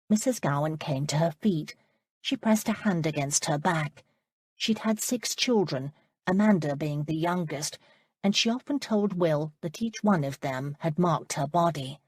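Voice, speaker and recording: Low-voiced woman narrating a historical romance, husky tone, dry close-mic sound. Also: no echo. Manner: calm, measured storytelling. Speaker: audiobook narrator.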